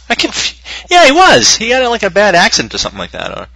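A man's voice: sits high, wildly swooping pitch, fast talker, gravelly, bright, forceful tone, breathy edge, dry recording, low-quality recording. A man co-hosting a podcast, rambling and swearing casually and laughing often. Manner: profane, rambling, laughs a lot. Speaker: podcast co-host.

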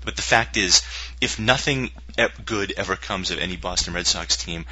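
Jokey man with a bright edgy voice. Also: deep voice, normal speed, breathy edge, dull audio. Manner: jokey, animated, slips into silly voices. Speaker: podcast co-host. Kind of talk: casual sports chat.

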